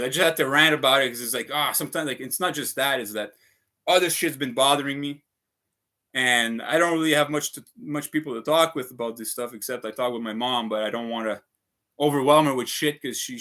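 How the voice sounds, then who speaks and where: A man's voice: mid-range voice, pushed and bright. A man ranting heatedly on a casual livestream, swearing often and repeating himself. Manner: heated, profane, repetitive ranting. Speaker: vlogger.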